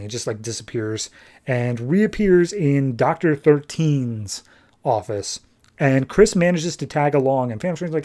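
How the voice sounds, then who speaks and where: Man, podcast host, casual comic recap, warm mellow tone, animated character asides. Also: medium pitch. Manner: animated retelling with quick voiced asides for characters.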